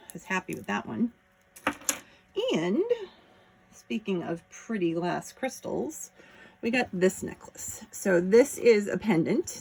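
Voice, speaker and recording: Give me a relaxed woman with a slightly low voice, talking unhurried as she handles and admires her finds. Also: gravelly, slightly rough. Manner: chatty, admiring, talks while handling items. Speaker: jewelry seller showing auction finds. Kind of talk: casual show-and-tell chat.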